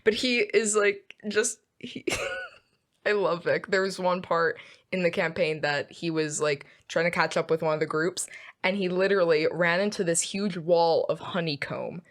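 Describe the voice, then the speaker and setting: A young woman chatting as a podcast guest, halting and laughing often as she recounts stories. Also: on the low side. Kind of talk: casual chat.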